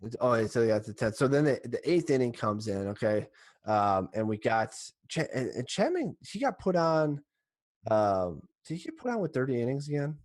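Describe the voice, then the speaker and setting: A man co-hosting a sports podcast, rambling and excitable, restarting his sentences as he recaps a game. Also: medium pitch, moderate pace, dry recording. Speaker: podcast co-host. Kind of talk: casual sports chat.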